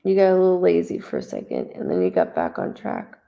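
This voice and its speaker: A woman's voice: very deep voice, wildly swooping pitch, a little fast, creaky, warm tone. A woman giving a live psychic reading, talking in an emotional, conversational way and relaying messages as quotes. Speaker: psychic medium.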